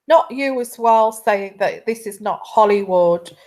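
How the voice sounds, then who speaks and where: A woman giving a casual intuitive tarot reading, rambling with many halting restarts. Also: mid-range voice, fairly even intonation, a little mellow. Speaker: tarot reader.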